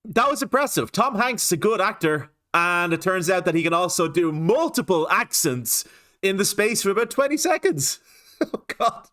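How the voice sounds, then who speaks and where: A man's voice: high-pitched, big pitch swings, moderate pace, a bit bright. An Irish man hosting a casual reaction video, amused and laughing often as he comments. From Ireland.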